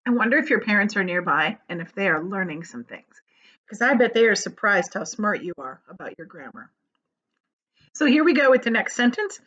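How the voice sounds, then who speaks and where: A woman's voice: mid-range voice, very animated, a little fast, fairly bright tone, lo-fi sound. A woman teacher giving a recorded grammar lesson, speaking patiently and encouragingly to young students.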